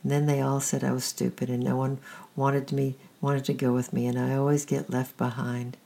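A storyteller reading the lines of a frightened eleven-year-old girl, timid and pleading, in a creaky, husky voice. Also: mid-range voice, monotone, moderate pace, mellow, close to an everyday voice. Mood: miserable.

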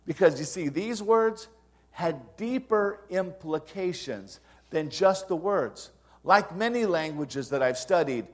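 A male pastor preaches a sermon in an earnest, conversational manner, his voice sitting high. He pushes up into emphatic rises to stress his points.

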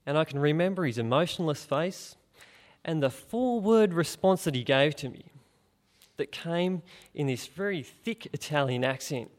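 Brief: middle-aged man, fairly high voice, chatty preacher who questions the listener. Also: expressive, normal speed. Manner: conversational, asks the listener direct questions. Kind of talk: informal gospel talk.

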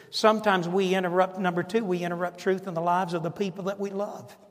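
A man's voice: sits high, big-room sound. A male pastor preaching a sermon, stressing his points and asking the congregation rhetorical questions.

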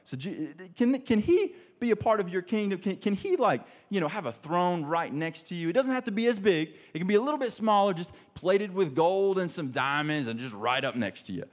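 A man voicing a pushy, doting middle-aged mother who talks fast and wheedles. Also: sits high, sing-song, in a large hall, voice pushed up. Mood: wheedling.

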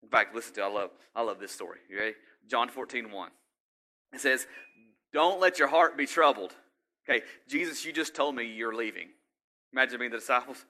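A middle-aged man preaching a sermon in a conversational way, often asking the congregation questions and building to loud exhortation. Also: medium pitch, fast talker. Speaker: pastor.

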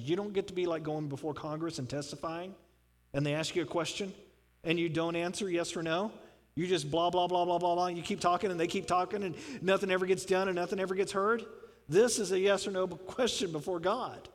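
A pastor with a high-sitting voice preaches a little fast in a church sanctuary, growing emphatic and rising into fervent appeals before closing in prayer. The recording has long hall reverb.

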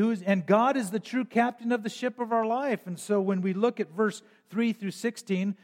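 A man preaching a sermon as pastor, with emphatic rises and frequent throat clearing. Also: on the high side, a little mellow, big-room sound.

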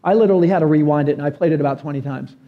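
A man's voice: a little high, rapid-fire, highs cut off. A man preaching a sermon as pastor, earnest and emphatic, his voice climbing on key phrases.

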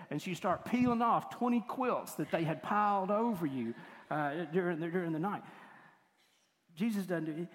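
An older man preaching a sermon as pastor, moving between forceful points and hushed, tender passages. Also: high voice, animated, normal speed. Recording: long hall reverb.

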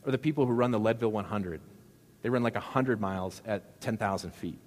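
Middle-aged pastor guy preaching casual and jokey, kinda low voice, big echoey church sound. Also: a little fast. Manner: conversational, jokey preaching with rhetorical questions. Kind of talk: sermon. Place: church sanctuary. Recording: long hall reverb.

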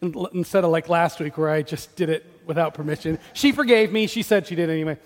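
A man in his forties delivers a sermon with a light, high-pitched voice. He tells stories in an animated, self-deprecating way, and his words ring out with a long reverb across a church hall. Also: fast. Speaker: pastor.

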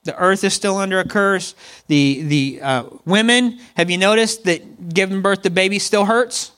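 A middle-aged man delivers a sermon in a conversational way. His voice sits a little high, and he keeps calling on the congregation to repeat lines back to him. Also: normal speed, fairly bright tone. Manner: conversational preaching with congregation call-and-response. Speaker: pastor.

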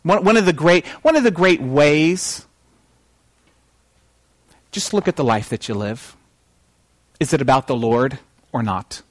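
Male pastor, sermon, lively swooping pitch, dry close sound. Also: unhurried, pauses often, no echo. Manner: animated, asks the congregation questions. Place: church service.

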